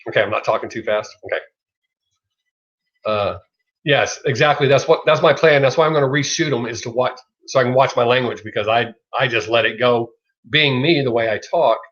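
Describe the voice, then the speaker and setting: On a casual livestream, a middle-aged Southern US man talks a little fast in a mid-range, fairly bright voice. He rambles, laughs a lot and swears freely, over dull lo-fi sound.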